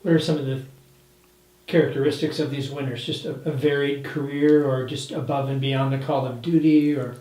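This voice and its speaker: A man's voice: medium pitch, steady tone, normal speed, warm tone, distant mic. A man interviewing a park ranger for an oral history, asking curious, searching questions with restarts. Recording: echoey room, voice off-mic.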